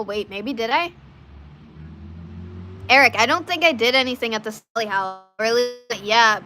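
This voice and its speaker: Bright-voiced woman rambling on a livestream. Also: a little high, slight background noise. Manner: rambling and chatty, many restarts and side stories. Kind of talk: casual rambling chat to a live audience.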